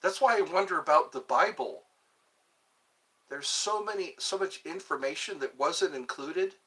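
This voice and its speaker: A young man rambling excitedly on a live stream, chatting with viewers and reading out comments. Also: fairly high pitch, normal speed, husky. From United States. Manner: rambling, excitable, breaks into sung bits. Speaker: livestream host.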